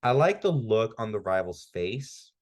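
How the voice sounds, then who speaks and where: A fairly low-pitched male voice, relaxed and conversational. He co-hosts a podcast and walks through a story's events with eager, filler-heavy chatter. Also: unhurried. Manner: enthusiastic, frequent "like" fillers. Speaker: podcast co-host. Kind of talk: casual recap and review.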